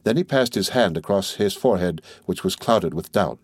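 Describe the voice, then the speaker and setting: Low-voiced male audiobook narrator. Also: moderate pace, no echo, clean studio sound. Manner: steady, formal reading. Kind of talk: scripted narration.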